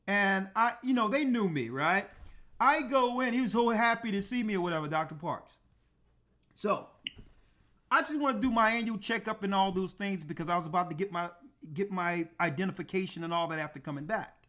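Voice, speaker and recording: Animated man telling a story. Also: high voice, fairly quick. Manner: animated, emphatic, acts out dialogue. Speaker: church elder and show host. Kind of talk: casual storytelling.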